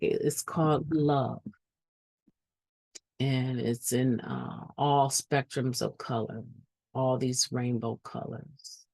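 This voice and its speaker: A woman's voice: very deep voice, gravelly, dark tone, no room sound. A woman giving an earnest personal testimony at a recovery meeting, repeating phrases for emphasis.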